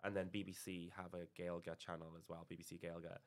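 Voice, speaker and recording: A man's voice: sits low, little pitch movement, fairly quick. A young man from Ireland with an Irish accent, chatting as a podcast guest and rambling with lots of "like" and restarts. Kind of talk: casual chat.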